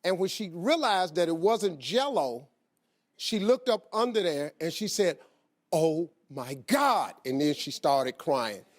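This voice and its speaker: Talk show host, middle-aged man, lively storyteller with a higher-pitched voice. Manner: animated storyteller, acts out quoted voices. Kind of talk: heartfelt storytelling.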